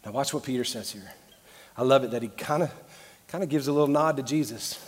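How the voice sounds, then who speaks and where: A man preaching a sermon as pastor, out of breath and impassioned, shifting between loud preaching and quieter asides. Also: medium pitch, fast. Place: large church sanctuary. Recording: church hall reverb.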